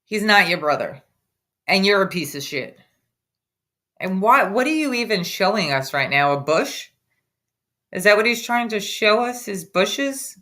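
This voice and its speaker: A woman's voice: mid-range voice, lively intonation, measured pace, long pauses, sharp tone. A woman hosting reaction commentary over a clip, mocking and combative in tone. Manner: mocking, sarcastic, combative ranting. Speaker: commentary host.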